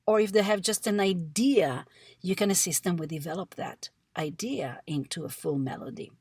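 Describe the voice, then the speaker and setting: A woman with a somewhat low voice walks listeners through a technique in an instructional presentation. Her delivery is measured and explanatory, dotted with small fillers. The recording is dry and close, with no room sound. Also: a little mellow, slightly rough, dry recording. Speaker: music therapist.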